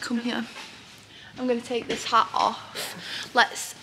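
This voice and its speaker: Young woman, slightly high voice, nervous and hesitant, sniffly, riding outdoors, handheld camera, wind noise. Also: monotone, slow. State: sniffly from the cold. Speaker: friend riding a horse for a vlog. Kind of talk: casual chat. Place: outdoors on horseback in a windy field. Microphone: handheld camera while riding.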